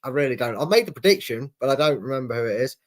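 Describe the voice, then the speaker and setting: A man's voice: medium pitch, expressive, very fast. A man hosting a live football fan watchalong, chatting casually and reading out viewer messages with plenty of ums and restarts. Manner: chatty, reads viewer messages aloud with many fillers. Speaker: fan channel host reading chat.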